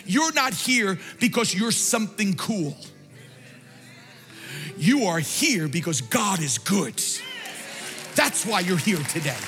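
A man preaching a sermon as pastor in a church, impassioned, swinging from shouts to quiet, hushed passages. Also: high voice, very animated, slow pace, long pauses, big-room sound, soft background music.

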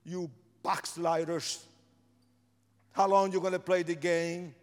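A man preaching an impassioned sermon and altar call in a large church, swinging from shouts to hushed pleas. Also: high voice, flat delivery, slow pace. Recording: long reverb of a large hall.

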